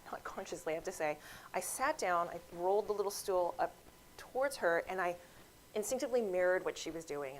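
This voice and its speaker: A woman's voice: on the low side, a little hiss or hum, rough recording. A woman physician giving a grand rounds lecture, telling clinic stories and speaking straight to her audience. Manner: lively storytelling, acts out quoted voices; addresses audience directly.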